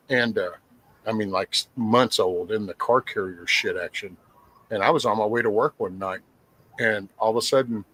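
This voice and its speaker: A middle-aged man tells stories in a blunt, plainspoken way, cursing freely. His voice sits fairly low. The talk is a loose podcast conversation. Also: a bit bright, poor audio. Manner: rough-spoken, profane, plainspoken. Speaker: guest sharing life stories. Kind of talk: casual podcast storytelling.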